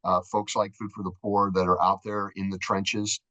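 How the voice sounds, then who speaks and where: A man's voice: low-pitched, flat delivery, normal speed, fairly bright tone, no room sound, poor audio. Fervent man. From Minnesota, USA. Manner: fervent, repeats words, acts out voices. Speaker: charity marketing executive, guest. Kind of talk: faith-driven interview talk.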